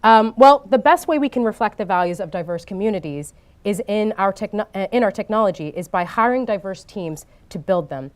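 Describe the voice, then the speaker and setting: A woman speaking from a conference stage to a live audience, with a voice of middling pitch. Her delivery is loose and unscripted, dotted with ums and uhs. She grows lively and animated whenever she tells a story. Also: a little fast. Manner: frequent ums and uhs, animated when telling anecdotes.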